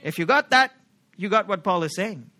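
A man's voice: high voice, expressive, normal speed, sharp tone. A man preaching a sermon as pastor, emphatic, often asking the congregation questions like "right?".

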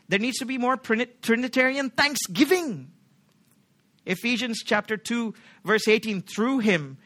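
A man's voice: high-pitched, bright, forceful tone. A man preaching a sermon as pastor, emphatic, often asking the congregation questions like "right?".

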